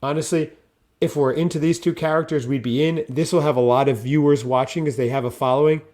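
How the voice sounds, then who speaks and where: A talkative man co-hosts a casual podcast, speaking in a voice a little above the usual pitch. He chats freely and reads short blurbs aloud between his own remarks. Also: fairly even intonation, fast, a little mellow. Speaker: podcast co-host. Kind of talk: casual chat.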